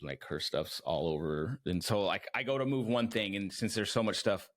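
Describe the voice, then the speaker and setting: A man's voice: on the low side, moderate pace. A man co-hosting a podcast in casual chat, loose and agreeable, with many "yeah, no" and "like" fillers. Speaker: podcast co-host.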